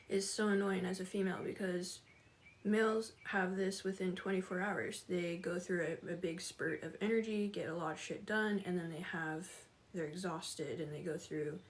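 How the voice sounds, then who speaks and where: A woman's voice: mid-range voice, slight background noise. A woman chatting casually with viewers on a livestream, laughing often and greeting them by name.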